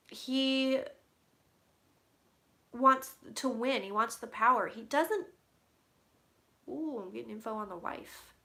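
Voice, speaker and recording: A woman giving a casual psychic reading, relaying what she hears in quick quotes and swearing casually. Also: on the high side, a bit bright. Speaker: psychic reader. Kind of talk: casual intuitive reading to camera.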